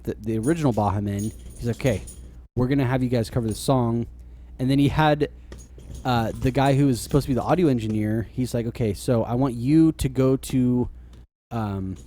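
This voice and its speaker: A podcast co-host, a man, chats casually and rambles, saying "like" a lot and laughing often. His voice is medium-pitched and mellow, with slight background noise.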